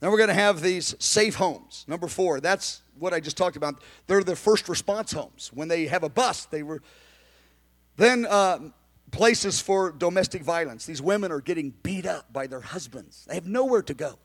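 A man preaching a sermon in an animated, emphatic way, sometimes shouting, with conversational asides and restarts. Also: sits high, normal speed. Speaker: pastor.

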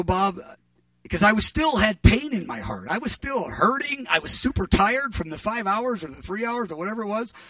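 A man's voice: high-pitched, a bit bright, dry recording, far from the mic. A middle-aged man preaching, earnestly telling a story from his ministry and quoting what others said. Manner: earnest, recounting events with quoted dialogue. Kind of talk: sermon testimony storytelling.

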